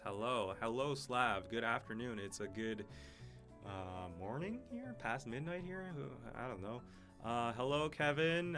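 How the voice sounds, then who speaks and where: A man, hosting a relaxed live-stream Q&A and reading out viewer comments. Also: medium pitch. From Korea. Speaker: podcast host.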